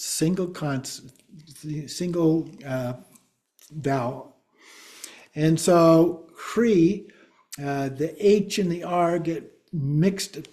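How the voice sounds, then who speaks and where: Slow, deliberate male teacher. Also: fairly high pitch, darkish tone. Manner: slow, deliberate, spelling words out letter by letter. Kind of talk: class lecture.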